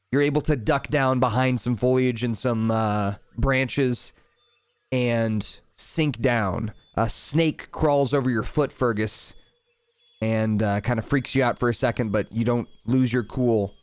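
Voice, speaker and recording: A man narrating a tabletop game as dungeon master, setting scenes calmly and chatting casually between rolls. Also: medium pitch, slow pace, clean tone, no room sound. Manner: calm, descriptive scene-setting with casual asides.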